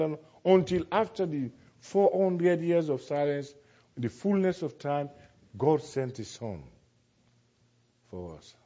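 Male preacher, emphatic, high-ish voice, drawn-out stressed words, muffled lo-fi sound. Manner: emphatic, swings from loud declaiming to quiet asides; slows down to stress key words. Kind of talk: sermon.

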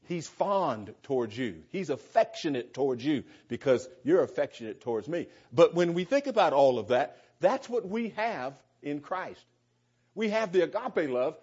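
A man delivers a relaxed, talky sermon in a husky, slightly raised voice. He stumbles over repeated words as he gathers his thoughts. The recording sounds dull and lo-fi. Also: a little high, moderate pace. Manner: conversational, repeats words when starting, chuckles. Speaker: preacher.

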